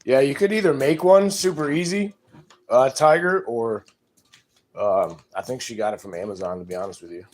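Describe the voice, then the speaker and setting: A man hosting his homestead channel, chatting casually and crudely with viewers in a relaxed, rambling drawl. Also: mid-range voice, normal speed. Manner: relaxed drawl with loose grammar and fillers. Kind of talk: casual livestream chat with viewers.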